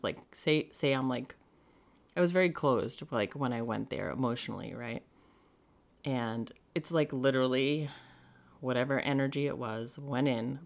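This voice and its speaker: A podcast host tells a personal story in a loose, conversational way, scattering "like" through every sentence. The telling is frank and animated, with some swearing, and the voice sits at a middling pitch. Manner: chatty, heavy use of "like" fillers.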